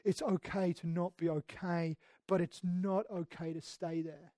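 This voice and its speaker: A male pastor preaching a sermon in a church, earnest, moving between hushed passages and emphatic ones and often restarting his words. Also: sits high, fairly even intonation, unhurried, dry recording, clean studio sound. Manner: repeats words when restarting.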